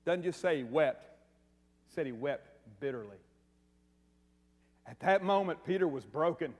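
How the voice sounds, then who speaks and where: A man delivers a lively, conversational sermon, repeating his questions to the congregation and slipping in jokes. His voice sits high for a man. The church hall around him adds a long, trailing reverb. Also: unhurried. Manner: energetic, conversational preaching with humor and repeated questions. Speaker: preacher. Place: church sanctuary.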